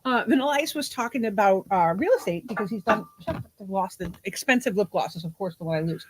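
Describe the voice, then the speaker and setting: In casual livestream chat, a podcast co-host in her forties who is half Portuguese laughs often and swears occasionally. Her mid-range voice has lively intonation and a slightly fast pace, over a noisy background.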